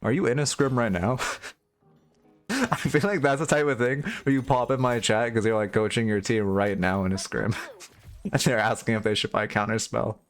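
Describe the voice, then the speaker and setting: A man's voice: medium pitch, normal speed. A young man giving casual live-stream coaching commentary on a video game, frank and blunt, swearing now and then and restarting his sentences.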